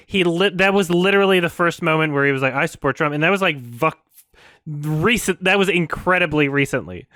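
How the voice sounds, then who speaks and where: A man's voice: sits high, sharp tone, no room sound, clean studio sound. A man from Canada hosting a stream, ranting casually with lots of swearing, restarts and disbelief. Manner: profane, incredulous, stammering restarts. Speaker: streamer host.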